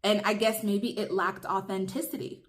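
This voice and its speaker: A woman's voice: medium pitch, fairly even intonation, normal speed. A young woman telling viewers an emphatic, chatty story over a meal in a casual vlog. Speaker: vlogger. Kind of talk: casual storytime while eating.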